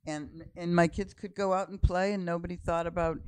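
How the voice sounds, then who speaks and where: A woman's voice: on the low side, fairly even intonation, brisk, darkish tone, smooth, no room sound. An older woman who raised her children, chatting in an encouraging way. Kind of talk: casual chat.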